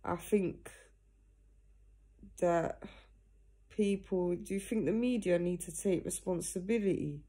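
A woman's voice: on the low side, slow pace, long pauses, mellow. A young woman talking casually to camera from home, earnest and direct, ending nearly every phrase with "yeah?". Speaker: vlogger. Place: at home in pajamas. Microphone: phone or camera.

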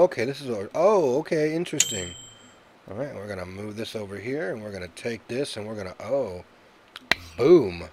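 This gaming YouTuber, a man with a medium-pitched voice, hosts a casual let's-play commentary on a video game. He's chatty and jokey, dropping lots of "uh" fillers, over a noisy background.

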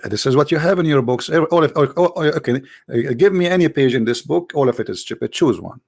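A man with a gravelly, rough-edged voice hosts a heated call-in debate. He presses insistently, repeats his questions and cuts in, with a sarcastic edge. The sound is close and dry. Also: fairly high pitch, lively intonation, fast, a little mellow, no room sound. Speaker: debate host.

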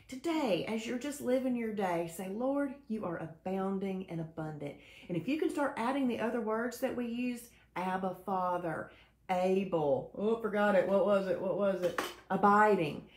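The host of a faith-based weight-loss live show cheerfully greets viewers by name, reads their comments and mixes devotional teaching into the casual stream chat. Her voice is medium-pitched and darkish at a normal speed, in an echoey room.

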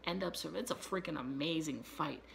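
Gravelly-voiced man recapping casually. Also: fairly high pitch, a little hiss or hum. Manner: loose, profane, excitable retelling with quick asides. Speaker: YouTube show reviewer.

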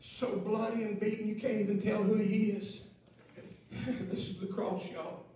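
A male pastor preaching a sermon with impassioned intensity, often shouting and repeating phrases. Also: high-pitched, steady tone, measured pace, slight background noise. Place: church sanctuary. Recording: echoey church from far off.

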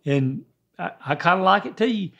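Folksy older man, high voice. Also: expressive, moderate pace, a bit bright, dull audio. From American South. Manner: folksy, rambling, clears throat often. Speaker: guest father giving advice. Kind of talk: casual chat.

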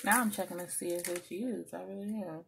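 A woman's voice: on the low side, fairly even intonation, a little fast, gravelly, fairly bright tone, a little hiss or hum. A woman vlogger and small business owner, chatting casually to viewers as she unboxes packages and vents her frustration, cussing freely.

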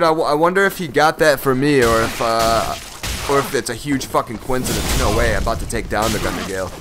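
A young man giving excitable, profane live commentary over his own gameplay, often bursting into shouts. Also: medium pitch, brisk, a little hiss or hum. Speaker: gaming channel host.

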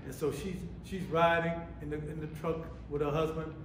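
A man's voice: on the high side, flat delivery, moderate pace. A male pastor preaching, his delivery rising and falling as he keeps calling out for the congregation to respond. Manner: rising and falling sermon cadence with repeated calls for response. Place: church sanctuary. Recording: echoey church sanctuary, faint room noise.

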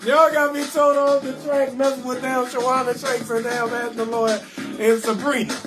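A man hosting a live comedy call-in show, telling stories loudly and animatedly, acting out both sides of conversations and cutting in with blunt refusals. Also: extremely high pitch, little pitch movement, moderate pace, music in the background. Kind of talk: loud storytelling comedy rant.

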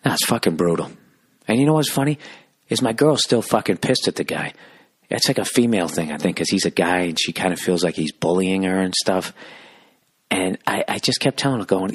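Brief: low, husky male comic ranting on a podcast, cursing, close dry mic. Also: fairly quick, no room sound. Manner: profane, animated, exasperated. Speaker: podcast host, comedian.

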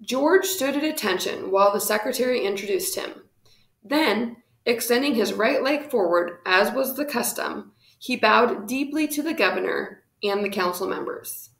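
A woman reading a historical storybook aloud in steady, measured narration. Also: a little high, gravelly, roomy sound.

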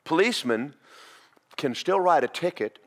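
A man teaching a church class, preaching in a folksy, animated storytelling way. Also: a little high, normal speed. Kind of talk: sermon.

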